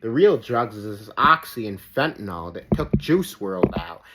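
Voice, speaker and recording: Hosting a reaction video, this lowish-voiced man speaks at a measured pace while ranting. The commentary is rambling, sweary, fed-up, and heavy on "like", set against steady background noise.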